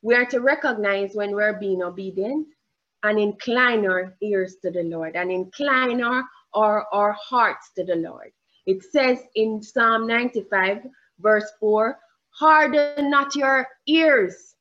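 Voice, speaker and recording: A woman preaching a sermon, slow and emphatic, drawing out the scripture quotes. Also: mid-range voice, a bit bright, dull audio.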